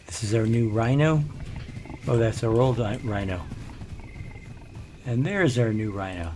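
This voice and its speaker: A man's voice: on the low side, expressive, measured pace, darkish tone, a little hiss or hum. Grumbling older man. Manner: rambling, grumbling asides. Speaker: let's play host. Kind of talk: casual gameplay commentary.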